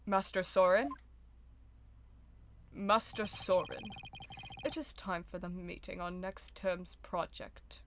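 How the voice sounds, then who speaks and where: A woman voicing a polite, fussy male butler in a game, with formal, measured speech over noisy, clicky stream audio. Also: lowish voice, steady tone. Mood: formal courteous.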